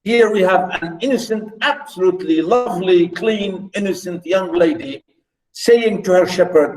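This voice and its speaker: High-voiced lecturer, echoey room. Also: male voice, normal speed. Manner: expressive, reads verse aloud with relish, animated asides. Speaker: literature lecturer. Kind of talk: classroom lecture. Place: classroom. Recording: echoey classroom, mic far off.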